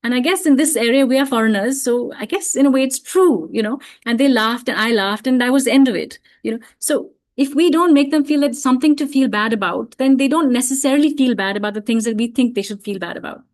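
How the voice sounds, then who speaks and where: A middle-aged woman giving an online parenting talk, telling stories in a calm, reflective way with many fillers. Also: on the high side, fast, few pauses. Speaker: parenting speaker.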